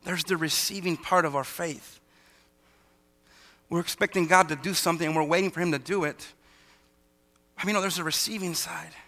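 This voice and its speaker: A man's voice: fairly high pitch, fairly even intonation, normal speed, long pauses, sharp tone, long reverb tail. A man preaching a sermon as pastor, emphatic, calling out questions to the congregation.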